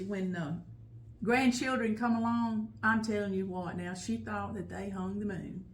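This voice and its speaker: A woman's voice: medium pitch, echoey room, slight background noise. An older woman, reminiscing at home in a heartfelt, emotional way that often breaks into laughter. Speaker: home vlog host. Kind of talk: personal reminiscing storytelling. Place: at home, indoors.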